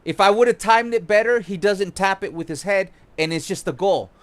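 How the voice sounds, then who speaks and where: A young man giving casual, excited tutorial commentary on his own gameplay, swearing now and then as he demonstrates moves. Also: high voice, moderate pace. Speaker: gaming YouTuber.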